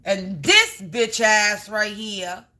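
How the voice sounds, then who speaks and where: A woman's voice: mid-range voice, animated, drawn-out words, sharp tone, rough recording. A woman giving a live spiritual card reading to viewers. She talks emphatically, stacks up strings of synonyms and swears casually.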